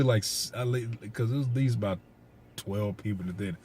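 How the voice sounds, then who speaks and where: Deep-voiced man rambling through a movie recap. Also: fairly quick, slight background noise. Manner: rambling, profane, excitable retelling. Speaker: movie reviewer. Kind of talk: casual spoiler recap.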